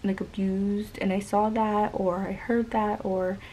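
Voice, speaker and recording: A woman's voice: medium pitch, little pitch movement, measured pace, dark tone, slight background noise, poor audio. A woman vlogger and mother telling a story in casual chat, rambling with many fillers.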